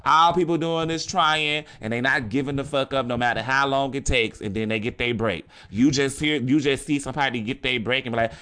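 A man's voice: mid-range voice, fairly quick, hardly any pauses, sharp tone, clean tone. A man hosting a podcast, delivering a casual motivational monologue in a blunt, profane way and often tossing in "okay?". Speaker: podcast host.

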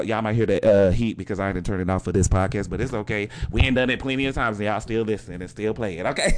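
Man, podcast host, casual spiritual monologue, animated, laughs a lot, swears, keeps saying okay. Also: fairly low pitch, brisk, slight background noise. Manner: animated, peppers every point with "okay?", laughs often, swears freely.

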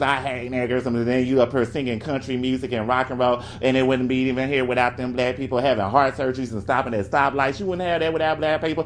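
A man's voice: medium pitch, slight background noise. A man delivering a sassy, emphatic ranting monologue. He keeps repeating his points and laughs between them.

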